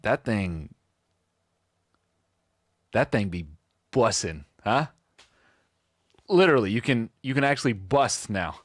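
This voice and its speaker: A man's voice: on the low side, expressive, slow, pauses often, dry recording, studio quality. A man putting on an awkward Gen X dad. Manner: fumbling, tries too hard to sound hip. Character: awkward middle-aged Gen X dad giving his teen son a talk.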